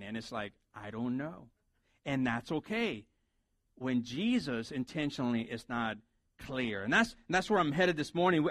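A man's voice: a little high, a bit bright, no echo. A man preaching a sermon as a pastor, talking conversationally and animatedly and acting out the lines he quotes.

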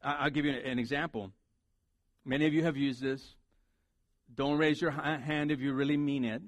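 A man's voice: medium pitch, fairly even intonation, normal speed, no echo. A man preaching a sermon as a pastor, talking conversationally and animatedly and acting out the lines he quotes.

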